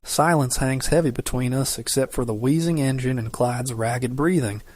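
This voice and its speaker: A man reading a romance audiobook in scripted narration, steady and measured. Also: medium pitch.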